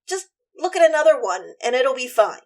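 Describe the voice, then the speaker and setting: A woman's voice: high-pitched, big pitch swings, normal speed. A woman voicing Benvolio as a slangy, exasperated young man who is fed up with his cousin. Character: casual impatient young male cousin.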